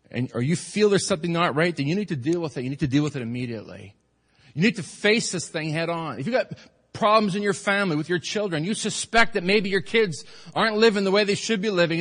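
A man's voice: sits high, fairly bright tone, long reverb tail. A middle-aged male pastor preaching a sermon in a church, earnest and emphatic, repeating his phrases for stress. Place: church sanctuary.

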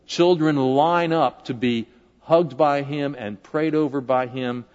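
Man preaching in a reverberant church. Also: on the high side. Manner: conversational, asks the congregation questions. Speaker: pastor. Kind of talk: sermon. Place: large church sanctuary. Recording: dull lo-fi recording with long hall reverb.

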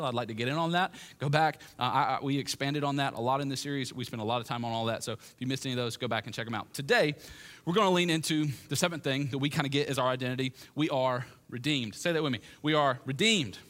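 A man's voice: medium pitch, a bit bright. A pastor delivering a conversational sermon in a church that meets in a gym, often restarting and repeating his phrases. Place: gym used as a church hall.

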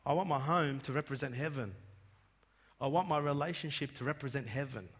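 A man's voice: mid-range voice, brisk, breathy edge. Preaching man in an echoing hall. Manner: emphatic, rising to loud peaks, restarts words. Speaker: pastor. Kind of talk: sermon. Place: church. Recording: long hall reverb.

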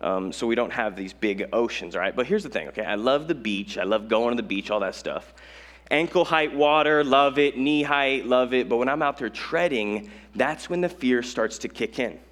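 A young man from Colorado, a high school pastor, preaching a casual sermon full of self-mocking stories, voice rising sharply when he acts out his own panic. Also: moderate pace, a bit bright. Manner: conversational storytelling with self-mocking humor.

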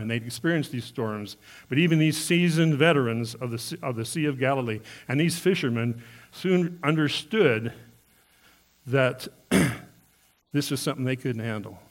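A man preaching a sermon as a pastor, earnest and speaking straight to his listeners with many questions. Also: medium pitch. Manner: earnest, asks the congregation questions.

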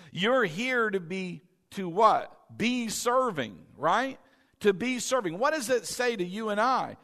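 High-voiced, animated preaching man. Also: takes it slowly. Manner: animated, calls the congregation to repeat after him. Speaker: pastor. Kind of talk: sermon.

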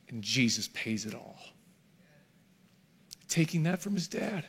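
A middle-aged man preaching to a live congregation, his voice sitting at an ordinary, mid-range pitch. He drops to hushed, breathy lines, then builds to loud, shouted climaxes. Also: very animated, unhurried, pauses often. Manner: dramatic swings from hushed to shouted. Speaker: pastor. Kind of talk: sermon. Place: church hall, live before a congregation.

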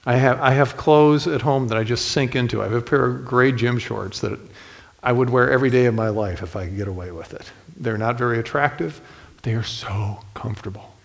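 A man's voice: medium pitch, brisk, creaky, long reverb tail. A man preaching a sermon in a folksy storytelling manner, speaking directly to the men in the congregation. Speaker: pastor.

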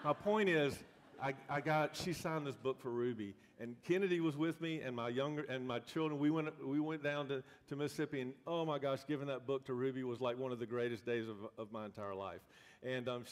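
A man pastor telling a story in a sermon, in an animated, folksy way with many restarts. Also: medium pitch. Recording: long reverb of a church hall.

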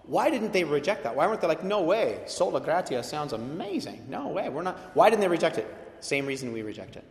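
Animated male preacher in an echoing hall. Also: fairly high pitch, brisk. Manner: animated, conversational, quoting with shifting intensity. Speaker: pastor. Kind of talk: sermon. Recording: echoey hall with long reverb.

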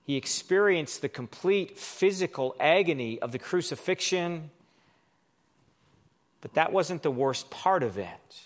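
Male pastor, slightly high voice, measured deliberate sermon delivery with dramatic scripture quotes. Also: expressive.

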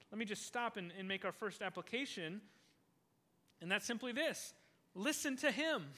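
A man's voice: very high voice, bright, forceful tone. A male pastor preaching a sermon, earnest, often repeating words as he starts a phrase and asking the listeners questions.

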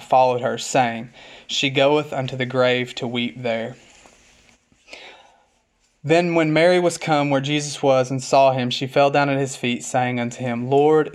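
A man preaching a sermon as pastor, reading scripture aloud and slowing down to stress key words, then building up with repeated phrases. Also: mid-range voice.

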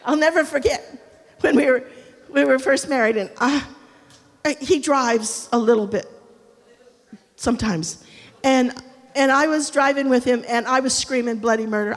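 A middle-aged woman pastor preaching a humorous, animated sermon, acting out quotes and swinging between loud and quiet. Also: high-pitched, moderate pace, pauses often. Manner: animated, humorous, acts out quotes with big shifts in loudness. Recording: long reverb of a large hall.

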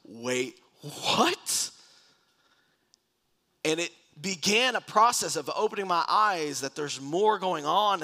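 A man's voice: sits high, pushed and bright. A man, preaching a sermon as a pastor, telling stories animatedly with dramatic re-enactments and restarts in front of a congregation. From Texas. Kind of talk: sermon storytelling.

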